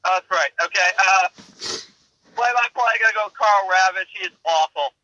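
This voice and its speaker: Bright, high-voiced male podcast host. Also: no echo, dull audio. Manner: brisk, steers the segments. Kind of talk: casual sports chat.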